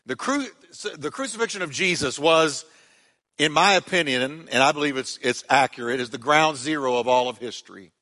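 A male pastor delivers a sermon in a church sanctuary with a fairly high, bright, forceful voice. He reads scripture with dramatic voiced quotes and then prays, and his words ring out with a long hall reverb. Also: normal speed.

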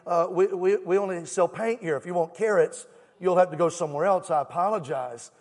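A man voicing a paint store owner in a joke, a grown man who is polite and apologetic but gets exasperated, with a high voice and a long hall reverb. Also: fairly quick, darkish tone. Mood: patient. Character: weary paint store owner, adult man, patient then fed up.

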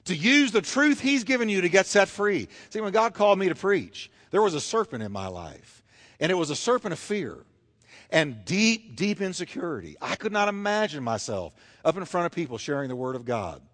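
A man's voice: sits high, big pitch swings, normal speed, fairly bright tone. A man preaching a fervent sermon, driving his points home with repeated rhetorical questions.

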